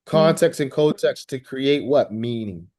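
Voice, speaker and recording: A man's voice: mid-range voice, a little slow, darkish tone. A man teaching a live language class, quizzing the student and often repeating and restarting his phrases.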